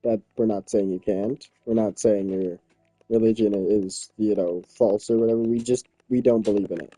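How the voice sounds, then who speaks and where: A man chats loosely on a stream, joking around and cursing freely. His voice is deeply mellow and dark, with no brightness to it, and it sounds dry and close with no room echo. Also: steady tone, moderate pace, soft background music. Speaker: streamer and server owner. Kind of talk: casual chat.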